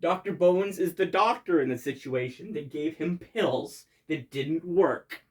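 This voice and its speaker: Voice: medium pitch, measured pace. A creator giving casual commentary over their own comedy video, rambling, swearing casually and laughing often.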